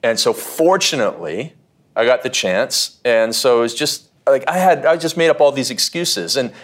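Animated man telling a story. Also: mid-range voice, normal speed. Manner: animated, repeats and restarts, acts out quotes. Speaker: podcast guest. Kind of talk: casual interview storytelling.

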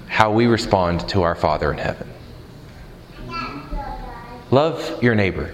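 Lively, joking man preaching a sermon. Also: on the low side, a little slow, long pauses, in a large hall, crowd noise, rough recording. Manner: conversational preaching with rhetorical questions and humor.

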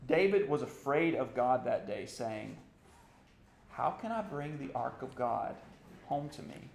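A man preaching a sermon, animated and building to impassioned outbursts. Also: mid-range voice, a little slow, vocal fry, echoey room, slight background noise. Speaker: pastor.

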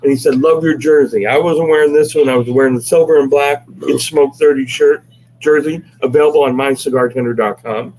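A man's voice: a little high, steady tone, brisk, a little mellow, poor audio. A man co-hosting a casual podcast chat, telling stories with emphatic, persuasive asides. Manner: emphatic storyteller. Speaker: podcast co-host.

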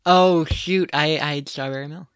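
Soft-spoken young man giving short replies. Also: on the high side, fairly even intonation, moderate pace, clear, resonant tone, no room sound, clean studio sound. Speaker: grown child of the storyteller.

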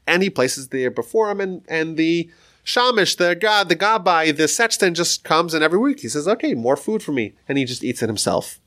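Animated male storyteller, lively pitch. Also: fairly quick. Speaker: lecturer on Jewish history. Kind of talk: storytelling lecture.

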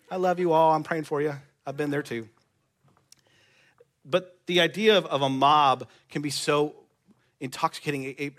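A man's voice: a little high, fairly bright tone. A male pastor preaching a sermon in a church, conversational and joking with the congregation.

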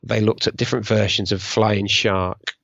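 A man's voice: on the low side, level tone, normal speed, creaky, a bit bright, highs cut off. A man in casual chat, joking and self-mocking as a quiz contestant. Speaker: podcast co-host, quiz contestant.

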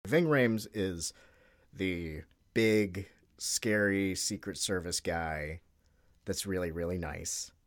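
A man's voice: sits low, slow. A man chatting on a podcast, rambling and joking, sometimes losing his thread. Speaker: podcast guest. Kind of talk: casual political chat.

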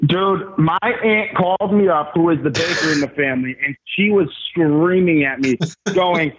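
A man telling stories as a podcast guest, animated and emphatic, with slangy casual talk. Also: sits high, moderate pace, background noise. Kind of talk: casual storytelling. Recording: tinny phone-like remote line.

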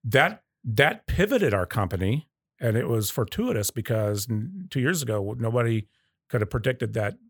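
Animated man in his fifties, dry close sound. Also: medium pitch, moderate pace, breathy edge, no echo. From Arizona. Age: 50s. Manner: animated storyteller who acts out quoted voices. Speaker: guest, coffee company owner. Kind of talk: casual interview.

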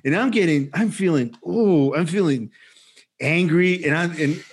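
A man in his forties casually chatting as a podcast co-host, telling an animated story with swearing and acted-out quotes. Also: a little high, a little slow, slightly rough. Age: 40s. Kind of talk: casual chat.

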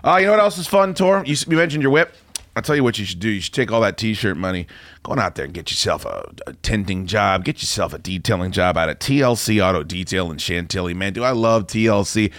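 A man hosting a talk radio show, ranting in a loud, profane way and laughing between lines. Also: on the low side, expressive, quick pace, no echo.

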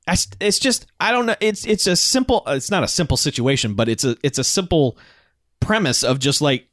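A man's voice: on the high side, expressive, brisk, a bit bright, no room sound, clean studio sound. A man co-hosting a podcast, reviewing a film in rambling, profane, enthusiastic chat. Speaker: podcast co-host. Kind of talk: casual movie review chat.

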